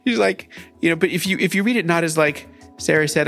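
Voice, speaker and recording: A man, a Bible professor in a relaxed discussion, thinking aloud and acting out quoted lines in shifting voices. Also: on the high side, a little fast, music in the background. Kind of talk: conversational discussion.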